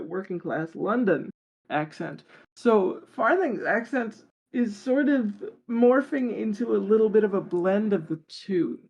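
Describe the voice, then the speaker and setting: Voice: mid-range voice, darkish tone, dull audio. A guest on a tabletop game podcast, talking casually and enthusiastically and rambling with lots of fillers. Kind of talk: casual interview chat.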